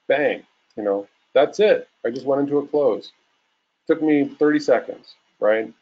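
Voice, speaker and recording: A man in his forties giving a casual webinar talk as a real estate coach, acting out phone calls in a lively way. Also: medium pitch, a little slow, muffled recording. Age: 40s. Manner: casual, animated, acts out calls.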